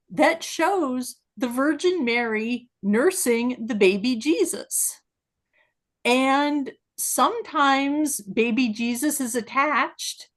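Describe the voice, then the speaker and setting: A woman co-hosting a casual discussion podcast, explaining at length with many fillers and growing animated when she makes a point. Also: high-pitched. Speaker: podcast co-host.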